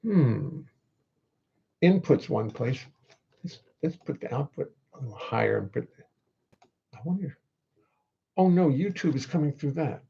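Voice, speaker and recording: His voice sits on the high side, with lively intonation, a measured pace, some creak, and long pauses. An older man hosting a home livestream, he rambles casually and reads out viewer comments with wry humor, recorded through a computer audio input as dull, lo-fi audio.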